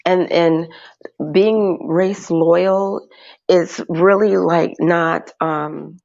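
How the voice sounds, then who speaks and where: Brief: low, gravelly-voiced woman, slow and hesitant panel guest, dull lo-fi audio. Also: steady tone, darkish tone. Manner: hesitant, halting with many fillers. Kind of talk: casual chat.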